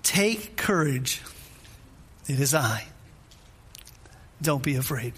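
A man voicing Jesus as a patient teacher, at times exasperated, at times gently reassuring. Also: mid-range voice, expressive, slow pace, slight background noise, voice pushed down. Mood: gentle. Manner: switches between exasperated and softly reassuring.

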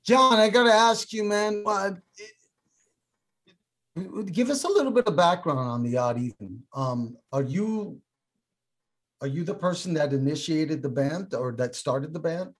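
A man's voice: on the high side, unhurried. A man co-hosting a podcast, introducing the guest and asking him questions in a friendly way. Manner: friendly interviewer, asks questions. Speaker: podcast co-host. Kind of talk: casual chat.

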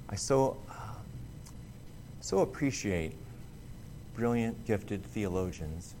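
A man preaching a sermon in an earnest, emphatic way, pausing and restarting often. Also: fairly low pitch, darkish tone, a little hiss or hum.

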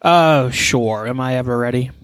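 A man's voice: medium pitch, normal speed, fairly bright tone, clean tone, dry recording. A man in casual comedic banter, swearing and joking. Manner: profane, joking.

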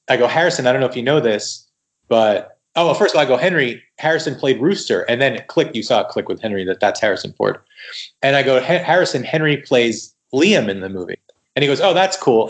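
A man, a guest writer, telling stories in a casual podcast interview, animated and full of quoted dialogue, often restarting his sentences. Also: medium pitch.

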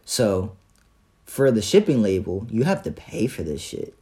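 A young man casually telling a story about his day, animated and profane, full of slang and fillers. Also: lowish voice, a little slow.

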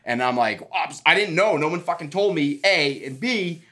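A man's voice: a little high, animated, normal speed, bright, forceful tone. A man telling a story in casual chat, rambling and swearing, acting out what other people said. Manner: rambling, profane, acts out other people's lines. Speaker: fighter telling a fight story.

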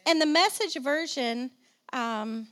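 A woman pastor with a high, light voice preaches to her congregation. She repeats phrases for emphasis and calls out for responses, and a slight cough sits in her throat. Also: expressive, takes it slowly, a bit bright. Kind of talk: sermon.

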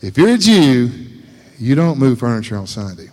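A man preaching a sermon in a folksy, animated way, repeating lines for emphasis. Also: mid-range voice, normal speed. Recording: reverberant hall.

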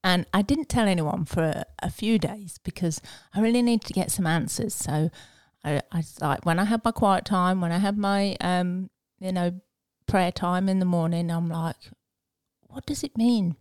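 A woman's voice: fairly low pitch, moderate pace, few pauses, a little mellow, clean tone, no echo. Chatty woman hosting a faith podcast. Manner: chatty, with many fillers and restarts. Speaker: podcast host. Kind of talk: casual faith chat.

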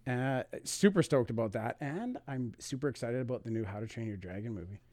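A man's voice: mid-range voice, expressive, fairly quick, darkish tone, dry recording. A man appearing as a guest on a casual film podcast, easygoing and a little hesitant. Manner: easygoing, hesitant with fillers and restarts.

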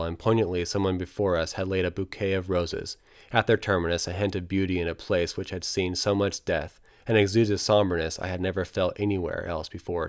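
A man reading his travel memoir aloud as scripted narration, in a quiet, somber storytelling manner. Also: low voice, no echo, studio quality.

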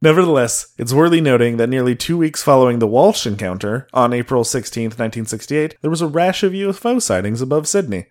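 A man's voice: mid-range voice, brisk, hardly any pauses. A man on a casual comedy podcast reading a paranormal story aloud and stopping to joke with his co-hosts. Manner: reads aloud, breaks off to joke.

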